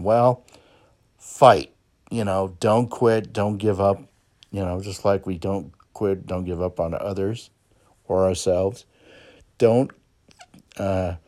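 A very deep-voiced man hosting a motivational podcast. He talks slowly and unhurriedly, in a folksy, encouraging way, and checks in with "okay?" and "you know" between his points. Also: warm tone. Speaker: podcast host. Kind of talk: motivational monologue. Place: Plymouth, Massachusetts.

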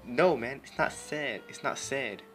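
A man's voice: medium pitch, expressive, measured pace, a bit bright, faint music behind. A tipsy young man co-hosting a podcast, stammering and swearing through laughing late-night banter. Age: young adult. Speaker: podcast co-host. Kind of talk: casual late-night chat.

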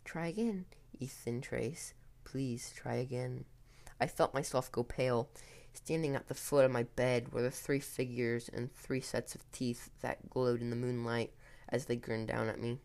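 A man telling a first-person horror story in a tense, hurried way with occasional restarts. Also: medium pitch, little pitch movement, darkish tone.

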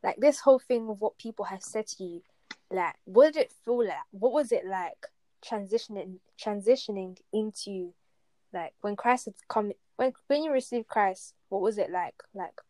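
A young woman hosts the panel, asking her questions casually and rephrasing as she hunts for the right words. Her voice is mellow and warm. The sound is dry and close. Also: medium pitch, normal speed, no room sound, poor audio. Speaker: host. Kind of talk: casual discussion.

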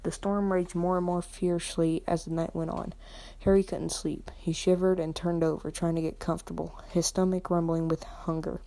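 A woman reading a children's novel aloud for a podcast, unhurried, often stumbling and correcting herself. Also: lowish voice, flat delivery, gravelly, mellow, no room sound. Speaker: podcast reader. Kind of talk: audiobook reading.

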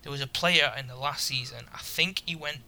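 A man telling a story in casual podcast chat, quick and loose. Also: medium pitch, pushed and bright. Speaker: podcast co-host.

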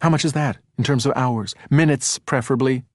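A tense, sharp-tongued woman detective, as a male audiobook narrator puts her on, firing off clipped, blunt lines in a raised voice. The sound is dry and close, with no room around it. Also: mid-range voice, fairly quick, no echo, pitched above the performer's own voice, lightly acted. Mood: irritated.

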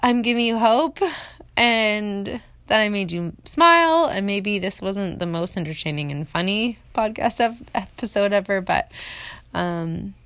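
A woman's voice: medium pitch, animated, unhurried, a bit bright, clean tone, no room sound. A woman in her forties hosting a podcast, talking off the cuff in an emotional, rambling way, speaking into a phone she holds. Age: 40s. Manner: emotional, rambling, tearful at times. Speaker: podcast host. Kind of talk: off-the-cuff personal monologue. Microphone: phone held in hand.

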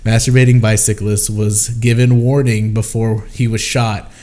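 A man's voice: lowish voice, flat delivery, moderate pace, darkish tone. A man co-hosting a podcast in casual chat, telling stories in a rambling way with many fillers. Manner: rambling storyteller, filler-heavy. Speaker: podcast co-host.

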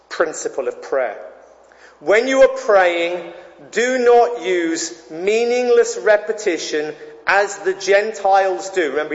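A man preaching a sermon as a pastor, conversational and given to digressions. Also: on the high side. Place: church. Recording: echoey hall, dull sound.

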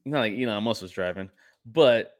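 A man's voice: lowish voice, animated, moderate pace. A young man co-hosting a podcast in casual banter, joking, rambling through asides and laughing often. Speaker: podcast co-host. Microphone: desk mic, sharing screen.

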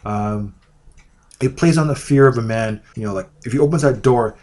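A man's voice: mid-range voice, a little mellow. Rambling man reviewing movies. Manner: rambling, halting restarts. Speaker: podcast co-host. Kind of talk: casual movie review chat.

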